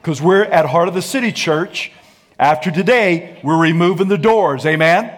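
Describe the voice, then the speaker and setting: A man pastor preaching a sermon in a lively, colloquial way and calling on the congregation to answer back. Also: on the high side, moderate pace. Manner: energetic, colloquial, calls for audience response.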